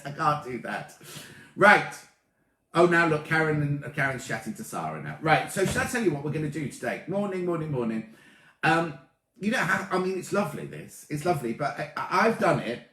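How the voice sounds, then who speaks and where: A man in his late thirties hosting a casual sewing livestream, chatting excitably and greeting viewers by name as he reads their comments. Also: on the high side. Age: 30s. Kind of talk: casual live-stream chat reading comments. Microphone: tablet or camera mic. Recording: echoey room.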